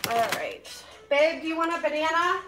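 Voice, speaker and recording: A woman in her thirties talks in a fairly high voice while she cooks in her home kitchen, laughing easily and chatting in a loose, casual way. Now and then she turns to speak to her children. A faint hiss lies under the sound from a camera set up across the room. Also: animated, normal speed. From Pennsylvania, US. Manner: chatty, laughs often, talks to her kids between asides. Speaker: vlogger. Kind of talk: casual chat while cooking.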